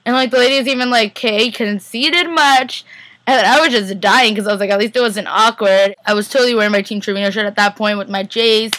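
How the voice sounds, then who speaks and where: A young woman vlogger telling a story in a fast, excited, casual way. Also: mid-range voice, no echo, poor audio. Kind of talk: casual chat.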